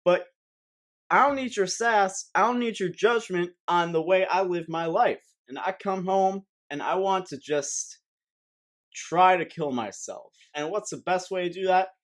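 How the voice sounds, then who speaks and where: A man's voice: sits high, unhurried. A young man giving a rambling, sarcastic comedic rant to camera as a vlogger, swearing often.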